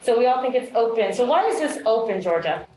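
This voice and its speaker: A woman's voice: on the high side, lively intonation, a little fast, mellow. A woman reading specialist leading a classroom demonstration, upbeat and full of praise for her students. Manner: upbeat, encouraging, frequent praise. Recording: echoey room, faint noise.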